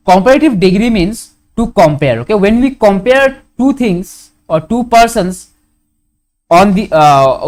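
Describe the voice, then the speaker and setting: A man with an Indian English accent teaching a grammar lesson, going slowly and repeating his examples, often asking a question and then answering it himself. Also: high-pitched. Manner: slow, repetitive, asks questions and answers them.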